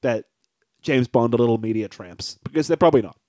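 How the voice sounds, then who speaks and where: A man's voice: medium pitch, fairly quick, mellow, no echo. Chatty man, joking podcast host. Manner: rambling, joking, many fillers and restarts. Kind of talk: casual podcast chat.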